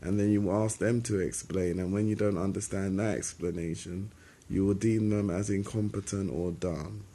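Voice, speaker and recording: A man's voice: sits low, fairly even intonation, moderate pace, dark tone, slightly rough. A young man delivering a sarcastic, confrontational spoken-word monologue straight at his listeners. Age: young adult. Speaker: rapper.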